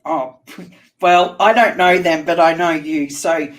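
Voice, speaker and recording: Playful Australian woman host. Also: lowish voice. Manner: playful, quick to laugh, teasing. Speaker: podcast host. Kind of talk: casual interview chat.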